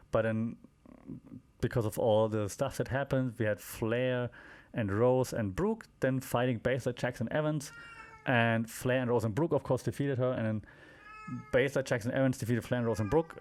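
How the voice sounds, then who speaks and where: A man's voice: medium pitch, darkish tone. A man hosting a wrestling podcast, recapping shows in a casual, rambling way with many fillers, restarts and wry asides.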